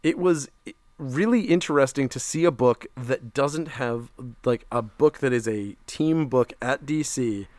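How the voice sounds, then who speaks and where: A man's voice: mid-range voice, unhurried, darkish tone, dry recording. A man co-hosting a casual chat about comics, talking with enthusiasm. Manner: enthusiastic, laughs easily. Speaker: podcast co-host.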